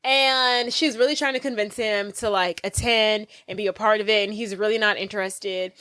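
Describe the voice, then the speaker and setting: A woman's voice: mid-range voice, steady tone, moderate pace, a bit bright, dry recording. A woman co-hosting a podcast, chatting casually about a movie with wry quips and asides. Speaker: podcast co-host.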